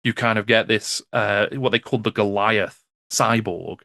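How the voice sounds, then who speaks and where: A man's voice: fairly low pitch, fairly even intonation, moderate pace, gravelly, sharp tone, no room sound. Thoughtful man, dry close sound. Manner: thoughtful, with many restarts and "you know"s. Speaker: podcast guest. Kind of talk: casual film podcast chat.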